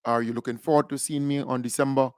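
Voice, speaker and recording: A middle-aged Grenadian man hosting call-in radio, animated and repetitive, laughing often and swinging between loud and quiet. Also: mid-range voice, fast talker, clear, resonant tone, dry recording, clean studio sound. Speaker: radio host.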